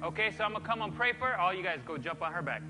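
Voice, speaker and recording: Racing along in a high-pitched voice, a man preaches in a church sanctuary, the sound echoing as in a large hall. His sermon is animated and conversational: he talks casually to the congregation, checks in with them, and acts out examples.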